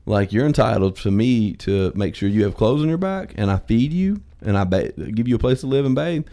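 Brief: deep-ish, blunt, profane man in casual chat. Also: expressive, brisk, warm tone. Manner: blunt, opinionated, swears.

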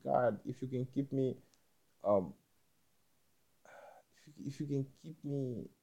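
Rambling man with a mellow voice. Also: mid-range voice, gravelly. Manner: halting, repeats words, swears often. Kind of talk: rambling spoken monologue.

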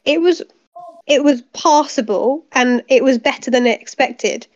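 An exasperated woman rambles through a casual chat and swears freely. Her voice sits a little high. It comes through a dull, lo-fi mic. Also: a little slow. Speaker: podcast co-host.

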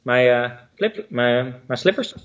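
A man's voice: medium pitch, lively intonation, a little slow, recorded from a distance, dull audio. A man born in Spain who speaks with a mixed Spanish and Dutch accent, a choreographer chatting as a guest, often searching for words with fillers. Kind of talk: casual interview chat.

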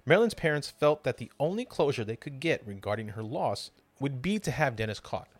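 A man's voice: mid-range voice, sing-song, brisk. A man hosting a podcast, narrating a true crime story with drama and casual swearing. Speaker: podcast host.

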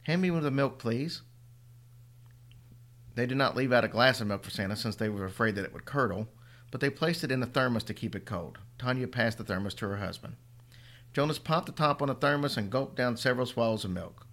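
A man reading a horror story aloud as a podcast host, with a steady, dry delivery. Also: medium pitch, fast.

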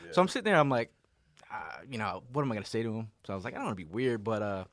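Animated male co-host, lively swings. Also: on the low side, rapid-fire, no echo, studio quality. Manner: animated, enthusiastic, swears freely. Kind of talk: casual sports chat.

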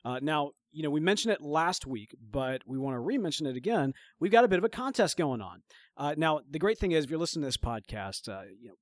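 Southern man, slightly high, dry sound. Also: fast talker, no echo. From Mississippi. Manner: relaxed, laughs often, loose rambling asides. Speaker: podcast co-host. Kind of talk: casual chat.

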